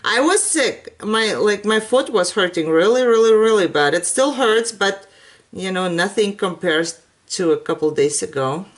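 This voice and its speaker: A woman's voice: mid-range voice, expressive, normal speed. A woman who speaks English as a second language, chatting casually and laughing often while she demonstrates a craft project. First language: not English. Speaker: craft channel host. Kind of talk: casual crafting tutorial chat.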